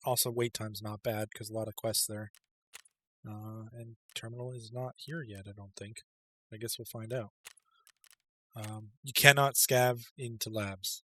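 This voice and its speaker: In this laid-back video game walkthrough, the male narrator has a medium pitch and a fairly bright tone. As a guide creator, he wanders off-track and leans on filler words, especially um and uh.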